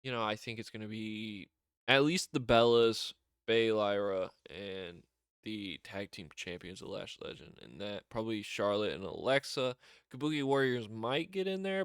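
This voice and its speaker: A man casually recapping a wrestling show on his own, excitable and rambling, with lots of fillers, restarts and laughter. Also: on the low side, clear, resonant tone, no echo, studio quality.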